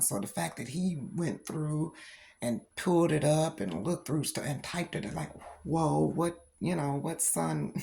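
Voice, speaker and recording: A woman's voice: deep voice, vocal fry. A middle-aged woman who has grandchildren, telling a personal story in a casual doll-collecting vlog with frequent laughter. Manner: animated storytelling, laughs often. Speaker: reborn doll vlogger.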